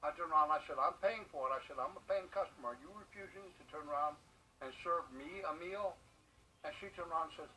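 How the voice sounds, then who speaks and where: A man being interviewed, recounting a complaint in a halting, repetitive first-person story with frequent fillers. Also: on the high side, pushed and bright, a little hiss or hum, poor audio. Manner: repetitive storytelling, keeps saying "I turned around and I said". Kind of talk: conversational first-person account.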